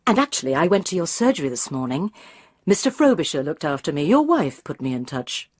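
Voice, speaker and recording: A friendly, tentative woman feels her way with polite questions, voiced by a woman reading the story. Her voice is husky with lively pitch, recorded dry. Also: fairly quick, no room sound, full character voice.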